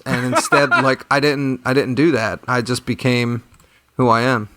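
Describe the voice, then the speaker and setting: A man's voice: medium pitch, little pitch movement, normal speed, sharp tone, dry recording. A man on a comedy podcast, rambling through absurd jokes. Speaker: podcast panelist.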